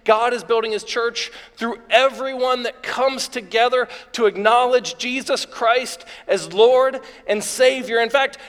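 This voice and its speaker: A man with a very high voice delivers an eager, excitable sermon to his congregation. His words ring out with a long reverb, as in a large church hall. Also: a little slow, few pauses. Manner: enthusiastic, excitable preaching. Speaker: pastor. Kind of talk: live sermon. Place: church sanctuary before a congregation.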